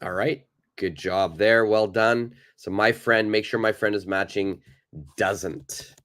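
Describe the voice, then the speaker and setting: Guy teaching english live online, lowish voice, takes it slow and easy. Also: smooth. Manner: relaxed, chatty, many uh fillers, reads from chat.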